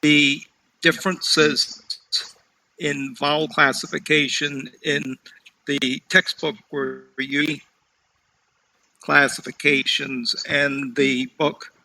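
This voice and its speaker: A man's voice: a little high, little pitch movement, slow, bright, forceful tone, low-quality recording. A man asking careful questions as a student in an online class. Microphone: video call.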